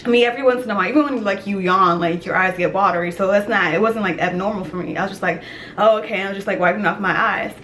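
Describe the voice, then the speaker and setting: A woman's voice: medium pitch, quick pace. Young woman, casual storytime vlog, chatty with lots of fillers, faint room noise. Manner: animated, chatty, heavy filler "like". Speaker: vlogger.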